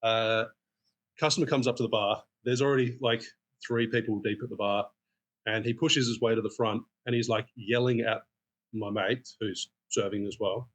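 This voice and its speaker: A man's voice: on the low side, normal speed. A man, a guest bartender, telling a story in casual talk and acting out the people in it with a raised voice. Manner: animated, acts out quotes in raised voice.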